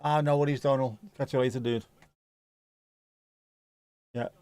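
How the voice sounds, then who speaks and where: This football watchalong streamer talks in a steady, unhurried, mid-range voice that's a little mellow, recorded clean with no room sound. He comments on the match from home, laid-back, chatty, and sweary.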